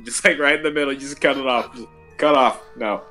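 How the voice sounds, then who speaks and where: A man's voice: medium pitch, over music. A man joking on a live stream, teasing his friends and cutting himself off. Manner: teasing, quick to interrupt himself. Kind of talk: casual chat on a live stream.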